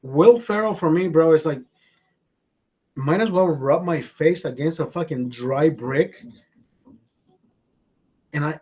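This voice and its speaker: A man hosts a casual livestream from his home setup in California, his voice a little high, husky, and darkish. He rambles on with viewers and swears all the time.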